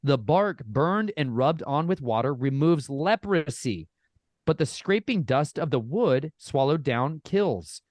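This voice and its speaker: A man talking casually as a podcast guest, folksy and animated, often addressing listeners as y'all. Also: on the high side, no echo, clean studio sound. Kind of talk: casual storytelling chat.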